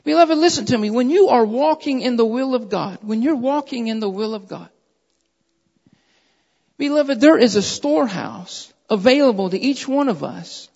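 A man preaching a sermon who reads scripture aloud in a measured way and presses his points with repeated phrases, calling his listeners beloved. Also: extremely high pitch, expressive, gravelly, a little mellow. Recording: dull lo-fi recording in a reverberant hall.

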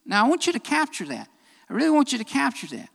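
Bright emphatic preacher, repeats lines for stress, rising fervor, long hall reverb. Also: sits high, huge pitch swings, fast, gravelly. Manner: emphatic, builds to raised fervent passages. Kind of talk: sermon.

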